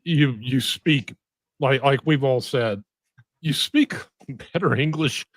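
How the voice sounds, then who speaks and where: A man's voice: mid-range voice, takes it slowly, no room sound. A man on a livestream chat, hesitant and apologetic as he offers support.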